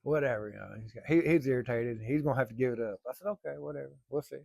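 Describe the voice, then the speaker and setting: A man's voice: mid-range voice, racing, gravelly, darkish tone, dry recording, studio quality. A middle-aged man, casually telling a rambling, folksy story to his viewers from work. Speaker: vlogger. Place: workplace, early morning.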